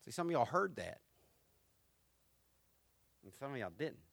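A man preaching a sermon, moving from quiet, reflective lines to loud, repeated build-ups. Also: mid-range voice, sing-song, unhurried, creaky, long pauses, dry recording. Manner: swings from quiet to rising, repetitive preaching. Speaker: pastor.

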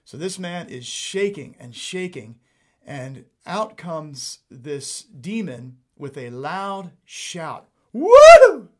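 Male preacher, high voice, emphatic sermon teaching. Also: slow. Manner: emphatic, animated, repeats for emphasis.

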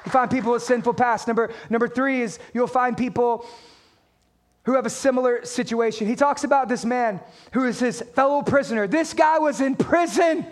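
A man preaching a sermon as a pastor, talking straight to his congregation with emphatic points and playful jokes. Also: very high voice.

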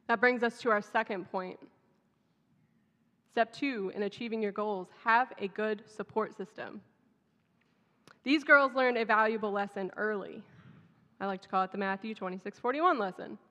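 A woman's voice: medium pitch, moderate pace, pauses often, fairly bright tone. A woman pastor from Texas, giving a conversational, humorous sermon in a church. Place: church sanctuary. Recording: dull sound, long hall reverb.

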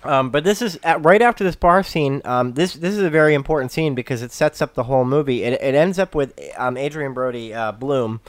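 A man co-hosting a casual film podcast, talking in an animated way with many fillers and restarts. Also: mid-range voice, fairly quick, few pauses, no echo. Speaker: podcast co-host.

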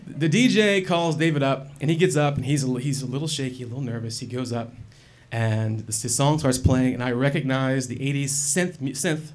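A man telling a personal story in a wry, animated and profane way. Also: mid-range voice, normal speed, hardly any pauses. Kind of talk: personal story told to an audience.

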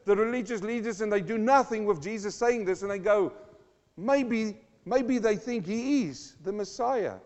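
A male pastor preaching a verse-by-verse sermon, dramatically acting out the voices in the passages. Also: sits high. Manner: dramatic, acts out the scripture voices with rising intensity. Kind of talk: sermon, verse-by-verse Bible teaching. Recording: dull lo-fi sound, long hall reverb.

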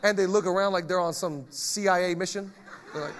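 A male pastor preaching a lively sermon, joking with the congregation and reading scripture aloud. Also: sits high, brisk, a little hiss or hum.

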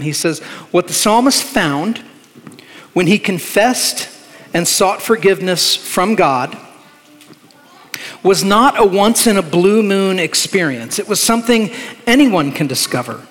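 A man preaching a sermon in a church, his voice sitting a little higher than most men's. He is earnest and emphatic, stretching out key words. A long reverb from the large hall trails behind him. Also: fairly bright tone. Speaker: pastor.

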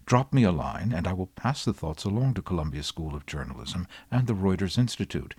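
Older guy doing podcast commentary, deep husky voice, dry wry tone, dead dry room. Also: darkish tone, no room sound. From United States. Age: 60s. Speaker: podcast host. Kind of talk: scripted commentary.

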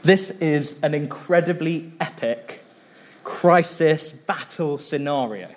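A male pastor preaching a sermon in an earnest, conversational way, with now and then a filler pause. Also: on the high side.

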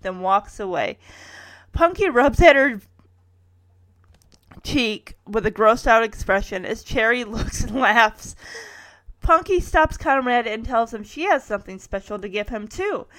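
Wry, lively woman recapping episodes. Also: a little high, dry recording. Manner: wry personal asides, chuckling while narrating. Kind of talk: casual episode recap narration.

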